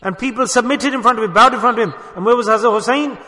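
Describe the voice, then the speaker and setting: Male preacher, high and bright, emphatic sermon delivery with sudden hushed drops, long hall echo. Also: fast. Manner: emphatic, swings from loud exhortation to hushed asides.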